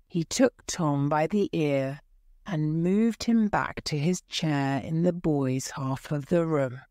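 A woman narrates a storybook in a very slow, deliberate way for language learners. Her voice sits low and is captured close and dry, with no room sound. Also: darkish tone, no echo. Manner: clear, deliberate. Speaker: story reader.

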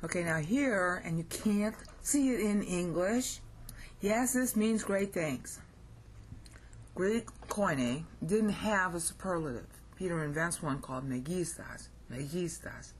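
A woman's voice: on the low side, expressive, takes it slowly, a little hiss or hum. A woman with an American accent giving an informal recorded lesson, thinking aloud and often checking in with "okay?". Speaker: language teacher.

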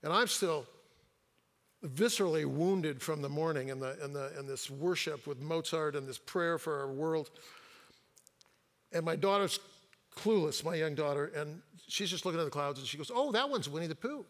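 A man's voice: fairly high pitch, normal speed, big-room sound. A retired pastor in his sixties preaching a sermon in a church, telling personal stories with quips and the odd hesitation. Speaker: guest pastor. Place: church sanctuary.

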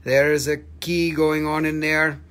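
A man's voice: a little high, little pitch movement, unhurried, a bit bright. A man hosting a live crystal sale, chatting casually with viewers in a joking, teasing way and swearing freely. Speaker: host selling crystals on a livestream. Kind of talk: casual live sales chat.

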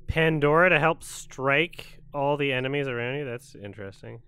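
A man playing a video game on stream, chatting casually, animated and swearing, muttering at times and shouting at others. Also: mid-range voice, normal speed, smooth, no room sound. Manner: animated, swears and laughs, swings between mutters and outbursts. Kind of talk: casual gaming stream chat.

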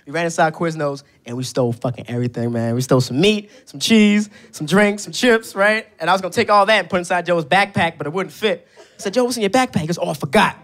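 A man doing stand-up, telling a story in an animated, profane way, laughing at his own punchlines. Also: high voice, quick pace. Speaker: stand-up comedian. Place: live comedy venue with audience.

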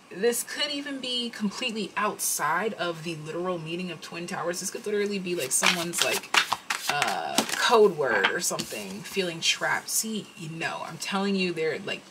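A woman's voice: low-pitched, heavy background noise. A woman giving a casual tarot reading to her viewers, thinking aloud and rambling with many fillers. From United States. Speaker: tarot reader.

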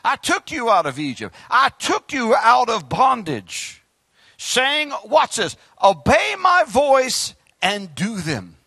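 A male Southern US preacher with a high, bright, strongly swinging voice. He shouts some lines and drops into quiet asides, and the sound is dry and close. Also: very animated, slow, slightly rough, no echo. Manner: preaching with loud outbursts and sudden quiet asides. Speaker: pastor. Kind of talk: fiery sermon. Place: church sanctuary.

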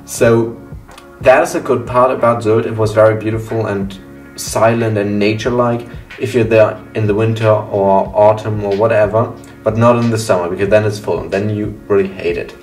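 A man's voice: lowish voice, steady tone, normal speed, darkish tone. Earnest young man. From Germany, raised partly in the US. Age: young adult. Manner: earnest, reflective, with frequent restarts. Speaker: vlogger. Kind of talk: casual personal vlog. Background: faint laid-back guitar music.

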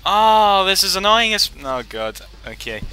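A man's voice: sits high, big pitch swings, measured pace, bright, forceful tone, clean tone, faint music behind. A man giving let's play commentary over a boss fight, frustrated and rambling, with lots of swearing. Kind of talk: gaming commentary.

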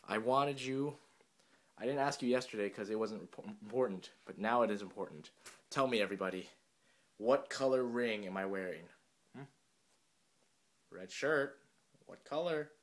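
A young man chatting casually to his camera at home, giddy and jokey with quick asides. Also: mid-range voice. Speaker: vlogger. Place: home room, indoors.

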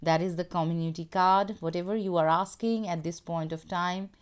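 A woman giving a tarot card reading to a viewer, speaking in an unhurried, reassuring way. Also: lowish voice, steady tone, clear, resonant tone, dull audio. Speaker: tarot reader.

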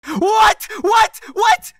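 A man's voice: extremely high pitch, animated, drawn-out words, fairly bright tone, no echo, studio quality. A man streaming a party game, panicking and begging his teammates, repeating himself over and over. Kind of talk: frantic live game chatter.

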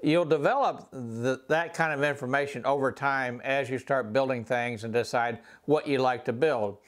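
An older man with a Southern accent giving a rambling, folksy tour of his home garage workshop, pausing often with "uh". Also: medium pitch. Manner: rambling, folksy, many "uh" pauses. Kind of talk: casual tool tour.

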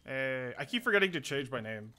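A man's voice: medium pitch, sing-song, a little fast, sharp tone. A man hosting a casual charity game stream, humming filler syllables while he sets things up. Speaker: stream host. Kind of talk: casual gaming stream chat.

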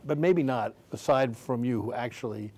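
A man's voice: medium pitch, normal speed, darkish tone, breathy edge. A man in his sixties moderating an onstage Q&A, asking rambling questions full of restarts and fillers. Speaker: panel moderator. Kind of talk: onstage Q&A conversation. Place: theater stage before an audience.

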